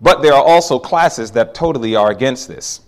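A man preaching a sermon, telling a personal story with animated swings from hushed asides to loud exclamations. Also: mid-range voice, moderate pace.

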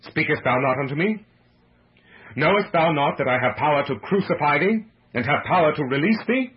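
A man's voice: fairly high pitch, expressive, normal speed, husky, pitched above the performer's own voice. A man playing a haughty, exasperated male Roman governor with a raised, declaiming delivery in a dramatized reading of a religious book, heard on a muffled lo-fi radio recording.

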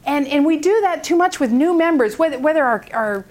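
A woman speaking at a prayer seminar, telling a story in an animated way and acting out its people. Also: sits high, brisk.

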